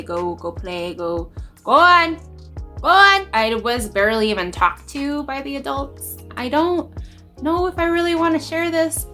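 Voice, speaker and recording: An earnest woman in her thirties shares her thoughts in a personal vlog, reflective and open. Her voice sits at an ordinary middle pitch, and faint music plays quietly underneath. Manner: earnest, reflective, emotional at times. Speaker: vlogger, parent. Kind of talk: personal spiritual vlog talk.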